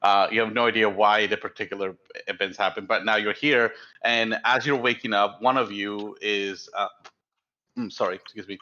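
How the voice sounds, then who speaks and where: A man's voice: on the low side, fairly even intonation, a little fast, pushed and bright. Rambling young man running a tabletop game. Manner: rambling, hesitant, many fillers and restarts, laughs often. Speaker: dungeon master. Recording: dull lo-fi sound.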